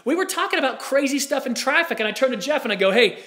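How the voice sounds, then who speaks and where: A man in his forties with a high, bright voice spins a story for a live crowd. He talks animatedly and jumps into the voices of the people he quotes. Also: animated, fast. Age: 40s. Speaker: speaker. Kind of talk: storytelling talk.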